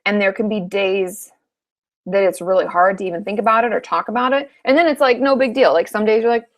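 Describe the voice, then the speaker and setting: A woman's voice: medium pitch, fairly quick. A woman in her thirties, a therapist from Washington state, answering viewer questions in a frank, chatty live Q&A, swearing casually now and then.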